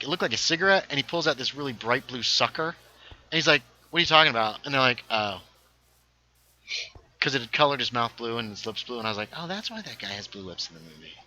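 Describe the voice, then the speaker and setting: A young man from North Carolina hosts a livestream and chats casually while he plays. His tone is very bright. His stories ramble and keep breaking off and restarting. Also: medium pitch, poor audio. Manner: rambling, self-interrupting storyteller. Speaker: livestream host. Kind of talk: casual chat while gaming.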